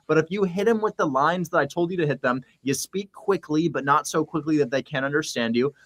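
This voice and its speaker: Energetic, blunt man coaching. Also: fairly high pitch, fast. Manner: energetic, blunt, swears freely. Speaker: real estate wholesaling coach. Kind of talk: casual chat, animated teaching.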